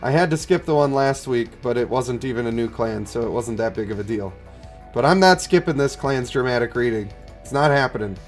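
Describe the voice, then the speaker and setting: A stuffed-up man live-streaming a mobile game, chatting in a low-key way and answering his chat. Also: lively intonation, a little fast, faint music behind. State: congested, stuffed up. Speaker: gaming streamer.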